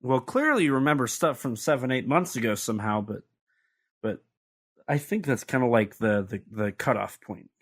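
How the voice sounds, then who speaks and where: A man co-hosting a podcast in casual chat, rambling and jumping up in pitch when surprised. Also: moderate pace. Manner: rambling, animated pitch jumps. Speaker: podcast co-host.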